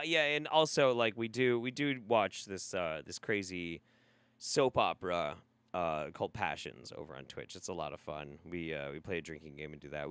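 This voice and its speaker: A man's voice: low voice, fairly bright tone, clean tone. A man hosting a live stream, commenting on a clip in a sarcastic, mocking way and swearing freely. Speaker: streamer host reacting to a video.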